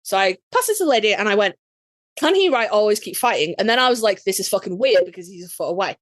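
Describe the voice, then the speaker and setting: This Yorkshire woman co-hosts a podcast, recounting a story in relaxed conversation while cursing openly and performing the quoted lines in her Yorkshire accent. She has a mid-range voice with lively intonation and a quick delivery, recorded without any room sound.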